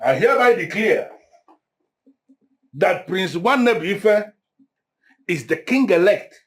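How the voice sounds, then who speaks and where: An actor with a Nigerian accent playing a proud royal elder who speaks in a declamatory, indignant way. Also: male voice, high-pitched, expressive, takes it slowly. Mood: formal. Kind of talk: Nollywood film acting. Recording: film soundtrack with music.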